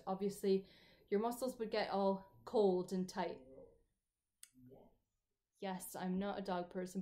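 A woman's voice: mid-range voice, a little mellow. A young woman hosting a casual livestream dance class, chatting with viewers and guiding them through stretches with frequent "okay"s.

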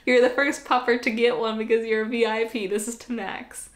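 A woman's voice: a little high, flat delivery, fairly quick, hardly any pauses. A young woman vlogging an unboxing, chatty and gushing, squealing over cute items. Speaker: YouTuber. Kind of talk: excited unboxing vlog. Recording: echoey room.

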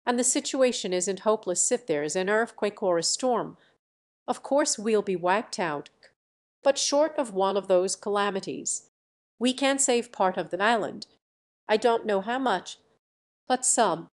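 A woman reading an audiobook, voicing a gruff, stern male senior officer who speaks curtly and slowly. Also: medium pitch, lively intonation, close to an everyday voice. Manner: curt, commanding, slow and deliberate.

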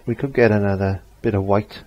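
A man's voice: on the low side, fairly even intonation, fairly quick, highs cut off. A man giving a chatty step-by-step painting tutorial, repeating phrases as he works. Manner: chatty, repeats himself while working. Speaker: painting teacher.

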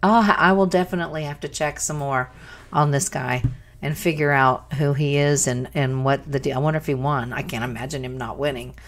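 A woman's voice: very deep voice, fairly even intonation, brisk. A woman hosting a reaction channel, exclaiming in amazement and stumbling over restarts as she talks into her microphone. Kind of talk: casual reaction commentary. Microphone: desk microphone.

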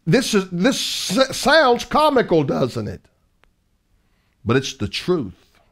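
A man's voice: sits high, huge pitch swings, takes it slowly, a bit bright. A middle-aged man preaching a fiery sermon as an evangelist, emphatic and mocking, full of rhetorical questions.

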